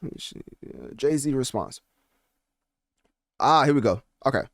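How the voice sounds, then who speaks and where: A man hosting a podcast, chatting casually with animated, slangy commentary while looking things up on his screen. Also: mid-range voice, unhurried, no room sound, clean studio sound. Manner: animated, conversational, slangy asides. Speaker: podcast host. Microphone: podcast mic, also on video.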